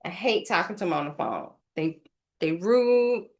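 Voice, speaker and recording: A woman's voice: fairly low pitch, animated, measured pace. A woman casually narrating a craft tutorial, thinking aloud and rambling to her viewers as she works. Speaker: craft vlogger.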